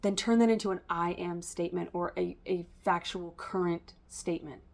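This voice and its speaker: A woman's voice: on the low side, fairly even intonation, moderate pace, creaky. Woman tarot reader talking straight to camera, loose and rambling, full of "um" and "like". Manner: rambling, stream-of-consciousness, many fillers. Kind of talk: casual spiritual reading to camera.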